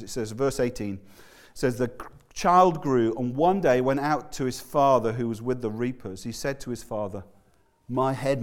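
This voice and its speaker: A man preaching a sermon in a loose, conversational way, often stumbling and restarting words as he tells the story. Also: fairly high pitch. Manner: conversational, animated, stammering restarts. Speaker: pastor.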